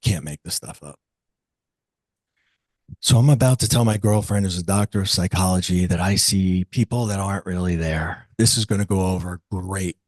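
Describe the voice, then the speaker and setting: A man in his late forties, an interview guest, telling a personal story in a lively conversational way and acting out the voices of the people in it. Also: low-pitched, moderate pace, no echo. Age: 40s. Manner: animated, acts out quoted dialogue.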